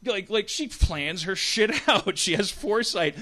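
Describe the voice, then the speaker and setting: A man's voice: high voice, animated, unhurried, bright, forceful tone. A man in his forties hosting a podcast, talking in a rambling, stammering way with many restarts. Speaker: podcast host. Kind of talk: casual comedic chat.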